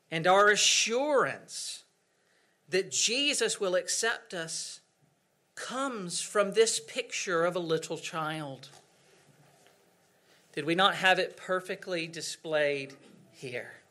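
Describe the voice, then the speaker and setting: Bright, high-voiced male preacher. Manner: earnest, dramatic pauses, shifting from loud to hushed. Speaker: pastor. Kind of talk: sermon.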